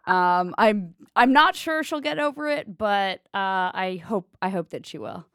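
A woman interviews a guest on a podcast, playful and teasing. Her voice is smooth and clear. The sound is dry and close. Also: mid-range voice, animated, unhurried, fairly bright tone, dry recording. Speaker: podcast host. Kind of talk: casual interview.

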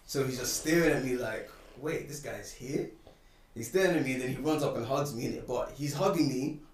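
A young man telling a personal story in casual chat, animated and getting louder when indignant. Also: medium pitch, far from the mic. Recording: roomy, away from the mic.

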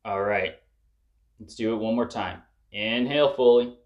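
In a muffled recording, a man with a lowish, slightly mellow voice guides an emotional release breathwork session at an unhurried pace. He's a breathwork facilitator who coaches with urgency and curses when things peak.

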